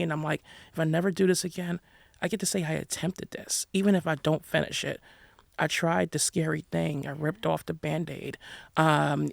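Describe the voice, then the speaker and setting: A woman's voice: fairly low pitch, creaky, no echo, clean studio sound. A New woman, telling her running story candidly as a podcast guest, laughing often. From New York City. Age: 30s. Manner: animated, frank, laughs often. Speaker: podcast guest, endurance runner.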